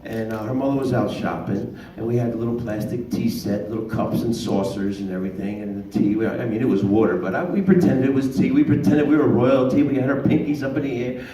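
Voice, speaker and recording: A man's voice: medium pitch, quick pace, hardly any pauses, dark tone. A man in his fifties doing a stand-up comedy set, with punchy joke delivery and voiced characters. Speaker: stand-up comic. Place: small comedy club stage. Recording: echoey room, distant mic, faint noise.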